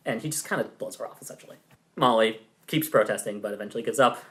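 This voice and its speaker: A man's voice: on the low side, quick pace, sharp tone. A man running a tabletop game as game master, narrating in a loose, chatty way with laughing asides.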